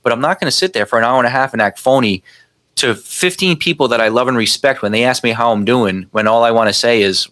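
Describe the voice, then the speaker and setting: A man's voice: medium pitch, fast talker, a bit bright. A man talking in a casual podcast conversation, rambling and emphatic, swearing freely as he tells personal stories. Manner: rambling, profane, emphatic storytelling. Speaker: podcast guest.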